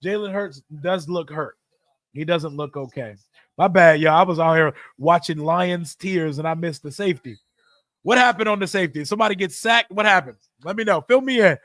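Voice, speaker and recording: A hyped young man with a high voice streams live, hosting a watch party where he reacts to sports and reads chat. He's talkative and loud, swinging between shouting and mumbling at a moderate pace, in clean, echo-free studio-quality audio.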